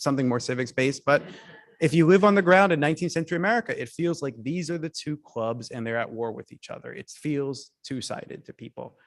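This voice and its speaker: A man's voice: medium pitch, dry recording. A man giving a public history lecture as guest speaker, storytelling in an emphatic way and often restarting his sentences.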